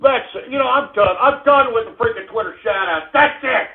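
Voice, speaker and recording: A man hosting an internet radio talk show, ranting and cursing at trolls and breaking into shouts. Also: very high-pitched, brisk, breathy edge. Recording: tinny phone-like lo-fi audio.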